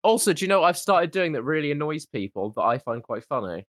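A man joking through a casual podcast chat, his pitch leaping about as he slips into loud silly voices. His voice sits a touch high and is recorded close and dry. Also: fast talker, no echo. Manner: jokey, animated, breaks into loud silly voices.

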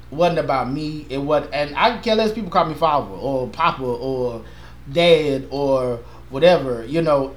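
Earnest passionate pastor in an echoey room. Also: male voice, fairly high pitch. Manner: earnest, passionate, animated with playful asides. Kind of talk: casual chat.

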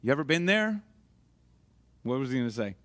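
A man's voice: mid-range voice, sing-song, fairly quick, fairly bright tone. A middle-aged man preaching a conversational sermon to his church, joking and asking the congregation questions. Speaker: pastor.

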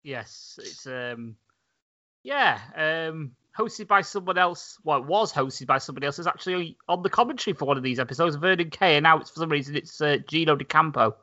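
A man's voice: fairly high pitch, animated, fairly quick, bright, forceful tone. A man co-hosting a casual podcast, chatty and swearing, with laughing asides. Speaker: podcast co-host. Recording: dull lo-fi sound.

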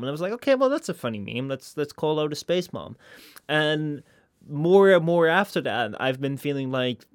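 A man co-hosting a casual podcast chat in a relaxed, rambling way. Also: a little high, no room sound, studio quality. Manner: relaxed, lots of fillers and restarts. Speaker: podcast co-host.

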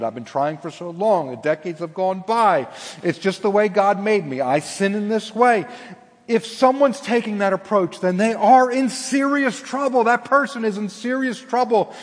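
Impassioned preaching man with husky voice. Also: on the high side. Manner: preaching with wide swings from loud pleading to hushed. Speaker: pastor. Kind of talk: sermon. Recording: long hall reverb.

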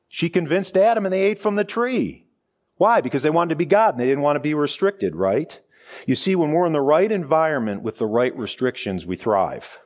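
A man's voice: medium pitch, a little mellow. A middle-aged man, a pastor, preaching a conversational sermon full of rhetorical questions and asides.

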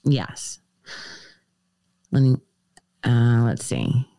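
A woman's voice: a bass voice, big pitch swings, very slow, vocal fry, dark tone, dry recording. A woman guest on a podcast, earnestly recounting a personal story and quoting dialogue in shifting voices. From United States.

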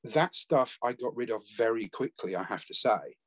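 A man, talking earnestly and haltingly about caring for his late spouse in a conversational interview. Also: medium pitch, expressive, no room sound. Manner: earnest, reflective, halting with restarts. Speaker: bereaved former family carer, guest.

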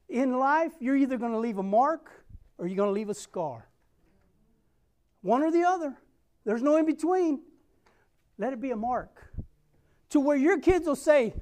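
A man's voice: very high-pitched, darkish tone. A middle-aged man preaching a sermon, earnest and emphatic, repeating key phrases and calling out to the congregation. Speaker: pastor.

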